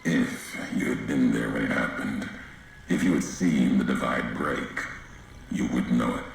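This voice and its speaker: Grim gravelly wanderer. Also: male voice, heavy reverb, a little hiss or hum, exaggerated voice. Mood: accusing. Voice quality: deep gravelly voice. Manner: slow, solemn, fragmented delivery. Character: grim weathered male wanderer, brooding and accusing. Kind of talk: video game dialogue.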